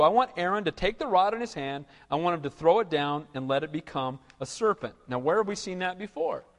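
A man preaching a sermon, telling Bible stories in an animated way and acting out the quotes. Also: high-pitched, in a large hall. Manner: animated storytelling, acts out quotes. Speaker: pastor.

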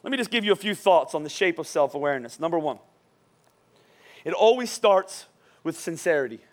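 A middle-aged male pastor preaching a lively, joking sermon in church, urging the congregation to repeat lines after him. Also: on the high side. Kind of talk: lively sermon with call-and-response. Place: church service before a congregation.

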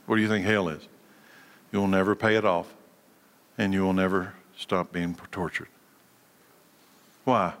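A man's voice: low voice, steady tone, measured pace, long pauses, big-room sound. A man preaching a sermon, emphatic, repeating key words and putting questions to his audience. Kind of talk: animated sermon.

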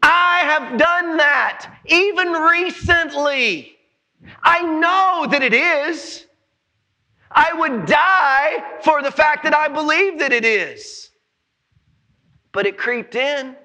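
A man, preaching an animated sermon, shouting in bursts and joking with the congregation. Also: very high voice, takes it slowly. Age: 40s. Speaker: pastor.

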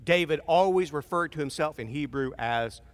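A man's voice: fairly high pitch, moderate pace. A pastor preaching a sermon in a casual, conversational way, acting out voices as he goes. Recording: long reverb of a large hall.

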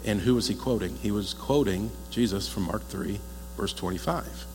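A man preaching a sermon as a pastor, talking in a lively, conversational way and joking with the congregation. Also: lowish voice, normal speed. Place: church hall. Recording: echoey hall with faint mains hum.

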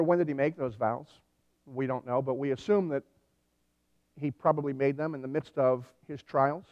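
A pastor preaching a sermon in a conversational way, with dry humor and animated storytelling. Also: male voice, on the high side. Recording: dull recording with long hall reverb.

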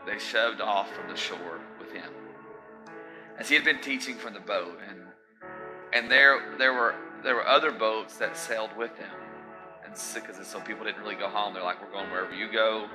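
A man preaching a sermon in a conversational, animated way, mixing scripture with casual asides. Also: fairly low pitch, normal speed, over music, low-quality recording.

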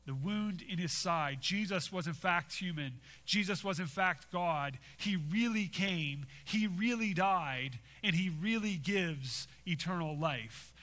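Brief: male preacher, bright forceful tone, emphatic repeats, echoing sanctuary. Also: high voice. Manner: emphatic, repeats phrases, rhetorical "right?". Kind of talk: expository sermon. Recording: long hall reverb.

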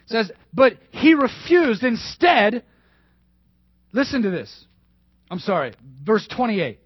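High, husky-voiced male pastor preaching. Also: no room sound. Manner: emphatic, repeating key phrases, drops to hushed asides. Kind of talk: sermon. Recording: dull dry lo-fi sermon recording.

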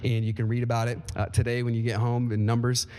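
A man preaching a sermon as pastor, telling a scripture story with animated energy and some fillers. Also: fast. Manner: animated storytelling, rising pitch when excited. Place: church sanctuary. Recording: long reverb of a large hall.

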